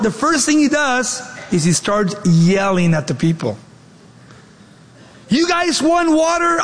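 High-voiced preaching man in a hall. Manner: emphatic, rhetorical questions. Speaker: pastor. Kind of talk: sermon.

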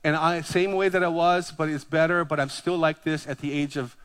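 A male pastor from Hawaii in his fifties preaches a sermon packed with personal stories, told with animated, self-deprecating humor. His voice is a little high, a little fast, and smooth.

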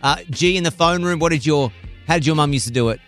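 A man's voice: a little high, fast talker, a bit bright, faint music behind. A man hosting a radio show, bantering playfully and sometimes singing his lines into a studio microphone. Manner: jokey, playful, hums and sings lines. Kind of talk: lively breakfast-radio banter.

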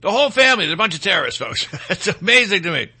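A man with a Michigan accent hosts a political talk show, rambling from point to point with blunt opinions and folksy asides. His voice sits high and sounds very bright and sharp. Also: very animated, rapid-fire, breathy edge.

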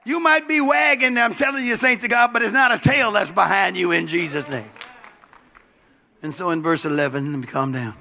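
High, bright-voiced preaching man. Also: moderate pace, vocal fry, some chatter behind. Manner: emphatic call-and-response preaching. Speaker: pastor. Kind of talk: sermon.

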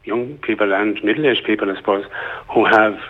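Irish male caller, lowish voice, thin phone line, earnest and halting. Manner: earnest, hesitant, many fillers. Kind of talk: phone-in call.

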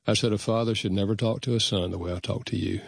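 An older man, a guest author, telling personal stories in an earnest, measured way and acting out remembered conversations. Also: on the low side, fairly even intonation, gravelly, slightly rough, no echo, clean studio sound. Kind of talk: reflective storytelling in conversation.

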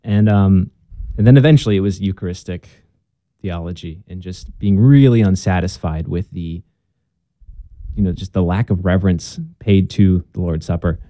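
A man's voice: sits low, normal speed, dark tone, dry recording. A young man telling his conversion story in a casual interview, earnest and chatty with plenty of fillers and restarts.

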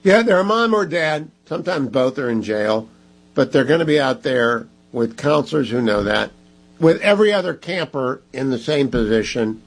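Emphatic talk radio host, husky. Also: male voice, mid-range voice, animated, moderate pace. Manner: emphatic, preachy fundraising appeals with scolding asides. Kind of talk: political talk radio monologue.

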